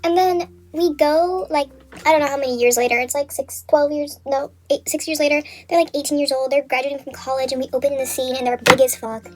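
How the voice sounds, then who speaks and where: A woman's voice: sits high, steady tone, brisk, faint music behind. A young woman vlogger casually retelling a story from memory while getting ready, rambling, swearing a lot and saying "like" constantly.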